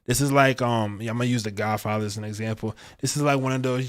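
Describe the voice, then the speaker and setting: A man's voice: medium pitch, fairly even intonation, fast talker, few pauses. A man giving a casual livestream astrology and tarot reading, rambling and chatty with lots of slang.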